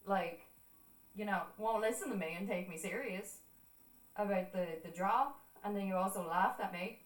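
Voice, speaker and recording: A woman's voice: medium pitch, moderate pace, far from the mic. Irish woman, young, casual chatty streamer; salty storyteller, recorded off-mic in a live room. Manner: chatty storytelling, swears freely, acts out quoted voices. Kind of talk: casual chat while drawing on stream. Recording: echoey room, voice a bit off-mic.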